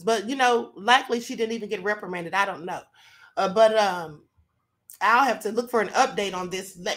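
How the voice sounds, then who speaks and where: A woman's voice: mid-range voice, a bit bright. A woman hosting her own show, giving indignant commentary full of rhetorical questions. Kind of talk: casual commentary.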